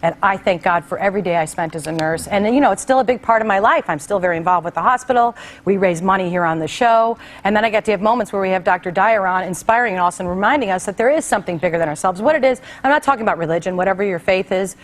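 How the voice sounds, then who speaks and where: Hardly pausing, a middle-aged woman talk show host speaks quickly in a mid-range voice. She tells a heartfelt personal story in a conversational way, bringing the people she quotes to life with animated voices.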